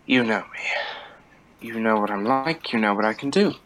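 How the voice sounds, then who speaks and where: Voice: medium pitch, normal speed, a bit bright, lightly acted, low-quality recording. A player voicing a wry, defiant alien time traveller, speaking dryly and sardonically. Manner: dry and sardonic.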